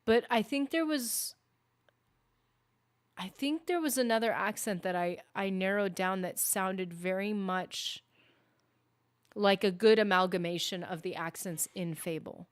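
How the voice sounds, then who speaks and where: A woman's voice: medium pitch, measured pace, smooth. Chatty woman streaming a game. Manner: rambling, self-correcting, chatty. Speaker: gaming streamer. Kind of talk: casual live-stream chat.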